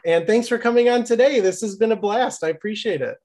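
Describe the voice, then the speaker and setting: A man's voice: sits high, brisk, a little mellow. A male podcast host asks his guest questions in a friendly, encouraging way. He thanks her and signs off to his listeners. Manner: friendly, affirming interviewer. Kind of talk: podcast interview.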